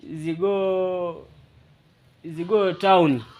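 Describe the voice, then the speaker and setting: A man with a Swahili accent chatting casually in halting English, repeating words and laughing often. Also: high-pitched, steady tone, a little mellow. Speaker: vlogger. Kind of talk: casual chat in broken English.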